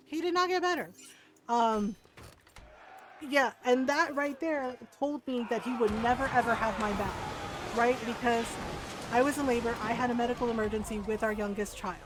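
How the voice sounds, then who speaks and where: A woman's voice: a little high, normal speed, background noise. A woman in her forties streaming a game, telling a personal story in a candid, casual way, swearing freely and laughing often. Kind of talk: casual storytelling while gaming.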